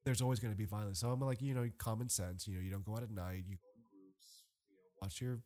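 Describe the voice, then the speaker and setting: Young male host, easygoing, tells lively stories with lots of "like" and "you know". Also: on the low side, quick pace. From Canada. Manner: animated storyteller, laughs often, many fillers. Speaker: podcast host. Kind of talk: casual chat.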